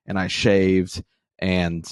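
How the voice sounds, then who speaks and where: A young adult man co-hosting a casual podcast, talking in a relaxed, self-deprecating way. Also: sits low, very slow, smooth, dry recording, studio quality. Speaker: podcast co-host. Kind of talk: casual chat.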